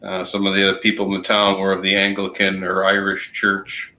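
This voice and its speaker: A man co-hosting a casual chat show, slowly reading out trivia answers with many ums and the odd corny joke. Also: low voice, monotone, bright, forceful tone. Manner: slow, halting, many ums and uhs; corny jokes. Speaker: podcast co-host running trivia. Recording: roomy, dull lo-fi sound.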